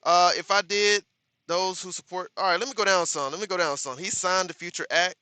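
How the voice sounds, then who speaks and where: Streamer guy reading chat out loud, bright sharp voice, dry close mic, talks back straight and firm. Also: sits high, fairly even intonation, brisk, clear, resonant tone, dry recording. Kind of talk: casual live stream chat.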